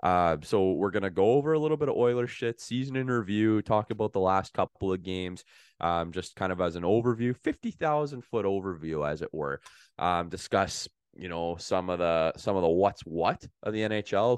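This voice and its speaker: A man's voice: deep voice, darkish tone, clean tone, no room sound. A Canadian man with a Canadian accent, co-hosting a podcast in casual chat, telling stories with animation, laughing easily and swearing. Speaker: podcast co-host.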